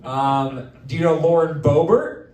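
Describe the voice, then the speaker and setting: A man's voice: a little high, darkish tone. Rambling male comedy host, roomy and distant. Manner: rambling, joking, quick asides. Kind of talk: live comedy show banter. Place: comedy venue with live audience.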